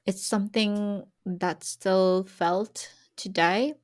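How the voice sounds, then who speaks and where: A woman's voice: mid-range voice, steady tone, unhurried. A young woman from South Korea, speaking earnestly and with emotion as a podcast guest about her country's history. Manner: earnest, emotional, repetitive emphasis. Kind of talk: personal conversation about history.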